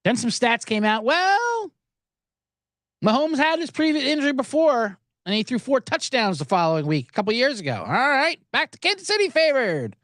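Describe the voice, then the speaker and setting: Animated, sarcastic podcast host man. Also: extremely high pitch, moderate pace, dry recording, clean studio sound. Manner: animated, sarcastic, swears a lot. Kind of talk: profane sports betting rant.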